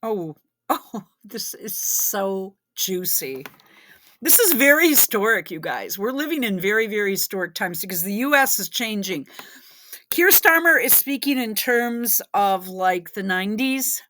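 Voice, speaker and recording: A woman's voice: mid-range voice, animated, normal speed, pushed and bright, dry recording. Woman, reaction host, casual sarcastic commentary, swearing, dry close sound. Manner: sarcastic, swears, breaks into laughter. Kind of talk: casual commentary over a video.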